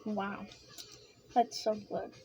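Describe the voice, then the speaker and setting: A woman vlogging a casual snack taste-test, excitable and giggly, chatting while she eats with her mouth full. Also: mid-range voice, extremely slow, muffled recording, faint music behind.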